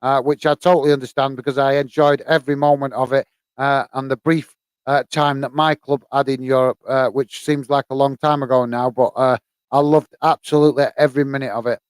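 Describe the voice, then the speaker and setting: A man's voice: mid-range voice, level tone, brisk, smooth, no echo. A man from the UK hosting a live football watch-along, tired and rambling with lots of fillers. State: tired, yawning.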